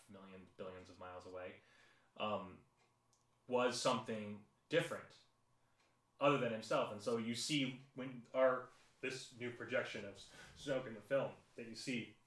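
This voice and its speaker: A man's voice: mid-range voice, unhurried, a bit bright, echoey room, distant mic. A man co-hosting a casual fan podcast, hesitant and stumbling through restarts as he asks his questions. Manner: hesitant, full of restarts and fillers. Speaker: podcast co-host.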